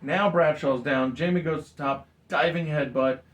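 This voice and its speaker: Animated male wrestling game narrator. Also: on the high side, moderate pace. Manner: animated storytelling, acts out wrestlers' lines. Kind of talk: casual play-by-play chat.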